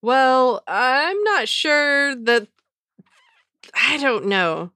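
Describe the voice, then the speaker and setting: A woman's voice: sits high, sing-song, drawn-out words, sharp tone, no room sound, studio quality. Woman co-host in a casual podcast chat. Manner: reads listener messages aloud, amused asides. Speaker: podcast co-host reading listener feedback.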